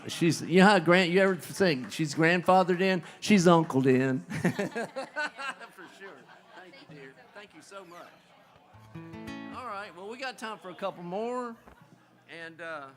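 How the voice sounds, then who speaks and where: A man, rambling folksy banter between songs at a live music bar, into a stage microphone. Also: a little high. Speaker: bandleader and singer. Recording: live band playing behind. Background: guitar music.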